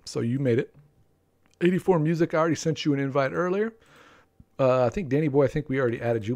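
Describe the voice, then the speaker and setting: He's a streamer calling the action of his game live, worked up and chatting with his players between high yells. There's typing on a keyboard in the background.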